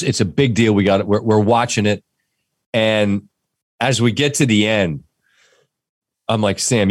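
A man's voice: medium pitch, no echo. Podcast guy telling a laid-back story, super dry close sound. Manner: relaxed anecdotal storytelling. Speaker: podcast co-host. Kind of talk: casual sports chat.

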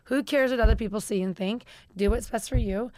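A woman's voice: on the high side, brisk, a little mellow, no echo. A middle-aged woman from Chicago, a guest chatting candidly and acting out quotes, with casual swearing. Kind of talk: candid conversational storytelling.

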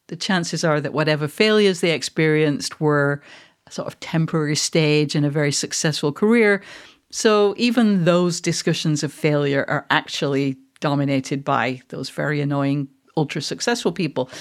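Reflective mid-Atlantic woman podcast host. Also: low-pitched. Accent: mid-Atlantic English. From England, Manchester. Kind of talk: casual chat.

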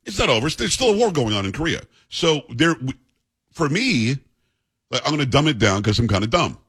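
A man's voice: medium pitch, very animated, brisk, fairly bright tone, slightly rough. A male radio talk show host in blunt, joking, opinionated banter with a co-host. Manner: blunt, joking, self-mocking.

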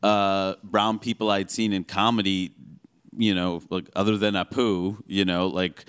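American comedian dude in his 30s, quick animated chatter, lots of likes, bit low. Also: clean tone. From United States. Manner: quick, animated, self-mocking, lots of "like" and "you know". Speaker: stand-up comedian, guest. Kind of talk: casual interview talk.

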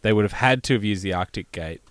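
Relaxed male co-host, lowish voice, dry close recording. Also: fast talker, dry recording. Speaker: podcast co-host. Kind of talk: casual chat.

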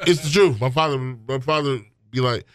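A man's voice: medium pitch, moderate pace. A middle-aged man, a comedian guest in a casual chat, telling stories with lots of laughter and repeated punchlines. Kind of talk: casual podcast chat, storytelling.

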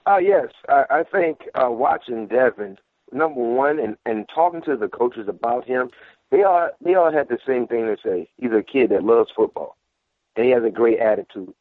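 A man's voice: medium pitch, moderate pace, no echo. A man, a former football player, giving casual sports analysis over the phone and acting out trash talk with energy. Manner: animated, mimics trash talk. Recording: tinny phone line.

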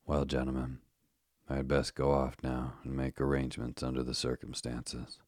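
A man's voice: very deep voice, monotone, moderate pace, a little mellow, no echo, clean studio sound. A man reading as a callous burly asylum keeper. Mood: offhand. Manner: blunt, offhand and casual. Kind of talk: sleep story reading.

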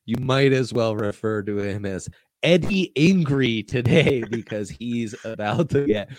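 A man's voice: mid-range voice, lively intonation, a little slow, a little mellow, dry recording. A man co-hosting a casual sports podcast, bantering playfully and laughing often. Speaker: podcast co-host.

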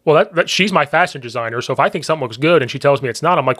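A man from Central Illinois with a Midwestern accent, hosting a podcast in a casual, chatty way, full of restarts and quick laughs. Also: fairly high pitch, bright, forceful tone, no echo, clean studio sound. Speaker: podcast host and football coach.

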